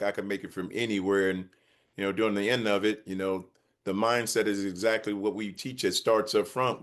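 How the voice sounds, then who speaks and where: A man hosting a podcast, praising and affirming his guest enthusiastically. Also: on the low side. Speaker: podcast host. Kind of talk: interview chat.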